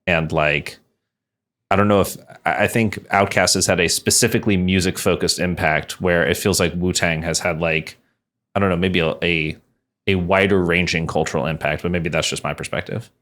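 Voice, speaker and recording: A man with a very low-pitched voice chatting on a podcast. He works his thoughts out slowly and hesitantly, circling back with fillers and false starts. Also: fairly even intonation, a bit bright. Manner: hesitant, thinks aloud with many fillers. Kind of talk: casual chat.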